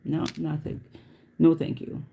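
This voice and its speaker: A woman talking casually to her viewers in a warm, mellow voice. She rambles and circles back on her own words, often asking whether you follow. The chat is loose, unscripted and easygoing. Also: low-pitched, monotone, a little slow, vocal fry, husky. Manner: chatty, repeats herself, often asks "you know what I mean". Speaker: vlogger.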